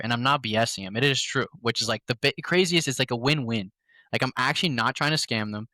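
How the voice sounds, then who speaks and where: A man tells stories from his sales calls in a loose, slangy way, acting out both sides of each call. His voice is bright and forceful. The sound is dry and close. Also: mid-range voice, fast talker, no room sound. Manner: animated storytelling, quotes his calls in voices; slangy, says "bro" often. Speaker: podcast guest. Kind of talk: casual chat.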